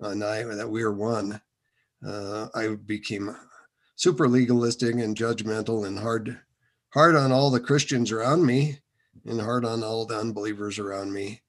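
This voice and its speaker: A man's voice: on the low side, fairly even intonation, normal speed. A man being interviewed, telling his own faith story in a loose, rambling way with many restarts and fillers. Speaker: interview guest. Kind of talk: casual testimony.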